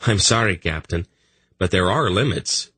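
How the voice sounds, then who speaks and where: A man's voice: deep voice, lively intonation, measured pace, pushed and bright, breathy edge, dry recording, heavily acted. A man voicing an earnest, firm young male leader in an audiobook, slightly raised voice. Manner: earnest, apologetic but firm.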